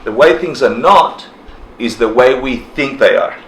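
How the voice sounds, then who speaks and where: A man teaching a relaxed class, talking casually, laughing often and acting out people's reactions. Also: mid-range voice, measured pace. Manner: animated, laughs often, acts out quoted reactions. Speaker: dharma teacher. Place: indoor class room. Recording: roomy echo, faint ambient noise.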